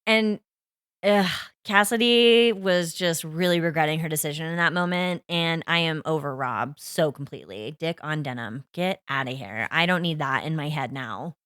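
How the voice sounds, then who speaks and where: A woman co-hosting a podcast in casual chat, expressive and reacting loudly with groans and exclamations. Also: deep voice, moderate pace, smooth, no room sound, clean studio sound. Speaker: podcast co-host.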